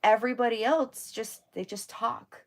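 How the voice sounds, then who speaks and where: A woman's voice: fairly high pitch, normal speed. A woman, an actor, co-hosting a casual movie review chat, laying out her points earnestly. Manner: earnest, explanatory. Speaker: podcast co-host, actor.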